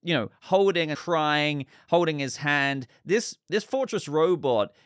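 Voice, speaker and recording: A man's voice: a little high, animated, a little slow, clean tone, no room sound, clean studio sound. A man hosting a casual news commentary show, chatty and rambling with lots of fillers. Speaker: host.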